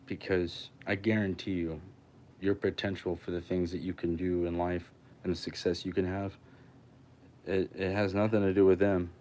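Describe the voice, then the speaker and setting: A man's voice: low voice, little pitch movement, normal speed, darkish tone, slight background noise. A man hosting a livestream, telling a story in casual, blunt talk full of swearing and quoted dialogue. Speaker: livestream host.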